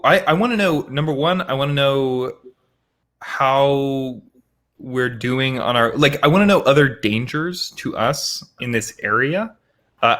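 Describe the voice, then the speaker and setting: A man's voice: medium pitch, fairly bright tone. A man playing a tabletop game, hesitant and giggly as he asks questions. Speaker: player.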